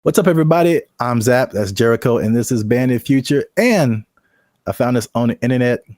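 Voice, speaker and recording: A man's voice: mid-range voice, expressive, brisk, darkish tone, a little hiss or hum. A man hosting a casual podcast, upbeat and teasing. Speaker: podcast host.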